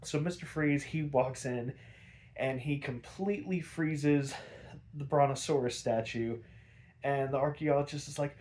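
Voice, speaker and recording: A man's voice: mid-range voice, a little slow, a little mellow. A man hosting a podcast, casually recapping an episode in a rambling way with lots of fillers and easy swearing. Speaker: podcast host.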